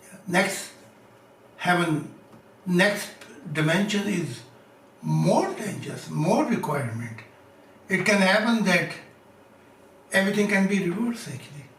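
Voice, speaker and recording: A man answering audience questions as a spiritual teacher, speaking slow, insistent, broken English. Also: high voice, very animated, fairly bright tone, a little hiss or hum. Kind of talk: live question-and-answer talk. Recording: echoey room, mic at a distance.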